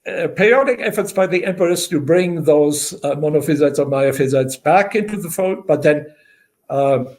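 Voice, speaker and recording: An older man, a historian as the guest of an interview, explaining in a measured way with many filler pauses. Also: a little high, a little mellow. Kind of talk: unscripted interview.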